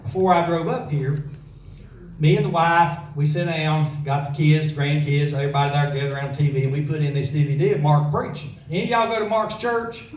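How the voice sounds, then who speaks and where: An older man with a fairly high voice tells folksy stories to a room full of people. He sounds distant from the mic, in an echoey hall with faint background noise. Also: brisk, darkish tone. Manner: folksy, homespun storytelling. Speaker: guest entertainer. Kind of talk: folksy stage talk to a live audience. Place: large room with an audience. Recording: echoey room, voice heard from afar.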